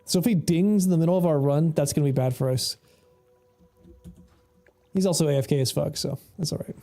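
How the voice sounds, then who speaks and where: With a fairly high, warm voice and a slightly fast pace, a man streams a game while rambling casually. He curses freely, laughs often, and has faint music going behind him.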